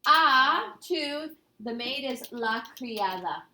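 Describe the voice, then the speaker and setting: Woman teacher, slightly high voice, quizzing students in an echoey classroom. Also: expressive, slow, pushed and bright. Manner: quizzing students, repeating answers back. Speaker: Spanish teacher. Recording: echoey classroom with faint noise.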